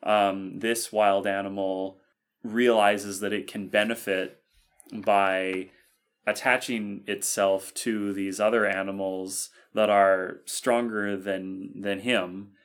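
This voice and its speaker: A man with a lowish voice talks slowly and deliberately in a relaxed podcast chat. He asks open questions and hedges with little fillers as he thinks. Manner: measured, questioning, hedging with fillers. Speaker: podcast co-host. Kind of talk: casual chat.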